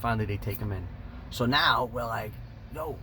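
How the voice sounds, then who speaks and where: A man telling a casual story in an animated, profane, emphatic way. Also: on the low side, a little fast, a little hiss or hum. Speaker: storyteller host.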